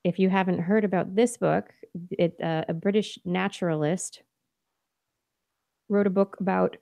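Tired woman host, gravelly and mellow. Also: fairly low pitch, fairly even intonation, a little slow, no echo. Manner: rambling, chatty, drifts into half-whispers. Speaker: podcast host. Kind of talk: casual after-show chat.

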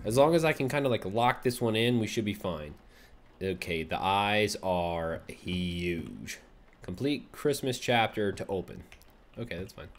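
Jumpy, animated young male gamer. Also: lowish voice, measured pace. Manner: jumpy reactions, startled yelps and swearing, coos at the game baby. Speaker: let's play gamer. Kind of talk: casual gameplay commentary.

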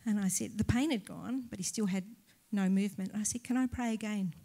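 Animated Australian woman pastor storytelling. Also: mid-range voice, a little fast. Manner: animated storyteller, acts out dialogue, laughs often. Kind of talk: live church testimony storytelling.

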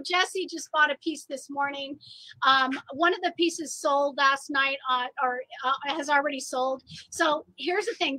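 A woman's voice: high voice, sharp tone, dry recording, low-quality recording. A woman artist hosting a casual live stream outdoors, bubbly and laughing often. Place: outdoors, a little windy.

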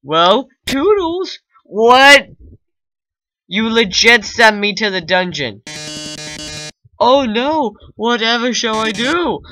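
A man's voice: high-pitched, bright, forceful tone, full character voice, rough recording. A man voicing a flamboyant male showbiz robot villain in a theatrical, camp manner, over game music. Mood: mock-tragic. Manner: dramatic, camp, drawn-out mock grief.

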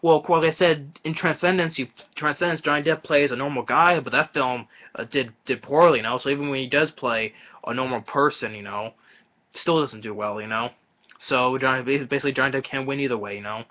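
A man giving a casual, rambling film review, halting often and restarting his sentences. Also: medium pitch. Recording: dull lo-fi audio.

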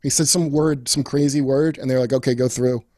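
A man's voice: mid-range voice, fairly even intonation, fairly quick, darkish tone, no echo, clean studio sound. A man hosting a podcast in casual chat, ranting his opinions with plenty of swearing. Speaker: podcast host, comedian.

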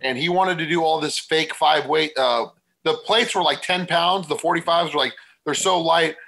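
A man's voice: on the high side, normal speed, gravelly, bright, forceful tone, poor audio. A man who is a bodybuilding guest on a casual podcast, talking bluntly, swearing casually and often restarting his sentences.

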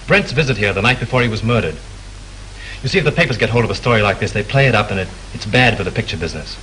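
Brisk, bright male investigator from an old talkie, rapid questions. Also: fairly low pitch, expressive, slight background noise, low-quality recording. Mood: determined. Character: brisk male studio investigator, adult, persistent. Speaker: studio man asking questions.

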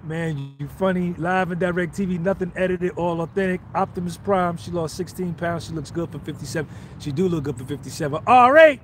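A man's voice: fairly high pitch, fairly even intonation, a little fast, slight background noise. A man hosting a casual livestream outdoors, hyped and boastful, switching into a pushy coaching tone. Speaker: livestream host.

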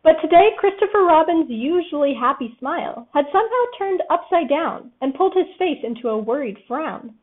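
A woman reading a children's storybook aloud in a gentle, expressive manner. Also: high-pitched, moderate pace, few pauses. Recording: tinny phone-like audio.

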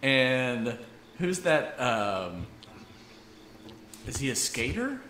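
A man hosting a casual live stream, excitable and rambling, laughing often between restarts. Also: mid-range voice, very slow, echoey room, slight background noise. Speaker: host.

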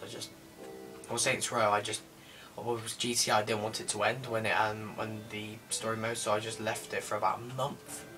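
A man's voice: lowish voice, little pitch movement, moderate pace. A young man commenting on a game he is playing, muttering and grumbling in an unenthusiastic way. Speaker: gaming video creator. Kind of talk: casual gameplay commentary. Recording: distant mic with music behind.

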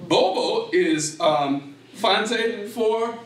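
An older man giving a lively, interactive lecture in a library room. He talks slowly and deliberately, laughs often, and quizzes his audience. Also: high voice. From Gullah Geechee community, South Carolina. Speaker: speaker. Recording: echoey room, from far off.

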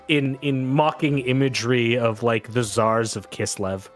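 A man's voice: mid-range voice, level tone, measured pace, soft background music. A man narrating a tabletop game as game master, with loose, filler-heavy description and playful detail.

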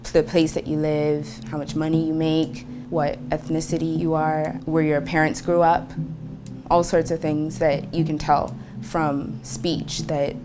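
A young woman from Bermuda, explaining her research in a measured way in a documentary interview. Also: deep voice. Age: young adult.

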